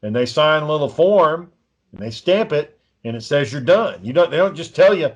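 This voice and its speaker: A man's voice: on the high side, lively intonation, moderate pace. A man telling a long story in a casual, profane, rambling way as a podcast co-host. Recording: dull lo-fi recording.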